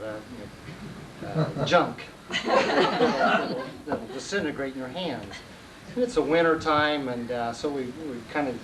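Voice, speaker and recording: Rambling man telling a roast story. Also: mid-range voice. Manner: rambling, lots of fillers, slipping into laughter. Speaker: roast speaker. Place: party hall with an audience. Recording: distant home video mic with loud hiss.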